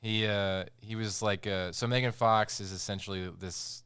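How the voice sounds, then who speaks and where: A man with a very low, smooth, resonant voice reviews a film on a podcast, rambling and sarcastic as he acts out scenes. The sound is dry and close. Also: fairly even intonation, normal speed, fairly bright tone, no room sound. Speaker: podcast co-host. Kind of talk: casual movie review chat.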